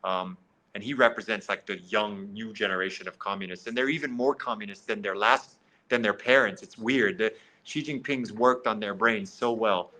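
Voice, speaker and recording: A man who is a podcast guest, telling a story in a lively way. He slips into quoted dialogue and says "like" often. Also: fairly low pitch, moderate pace, low-quality recording. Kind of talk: animated storytelling in conversation.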